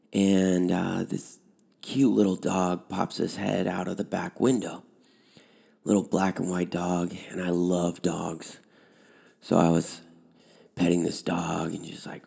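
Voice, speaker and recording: Gravelly, deep-voiced man telling a story. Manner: relaxed, conversational, with fillers. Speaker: high school outdoor program instructor. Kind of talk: personal storytelling.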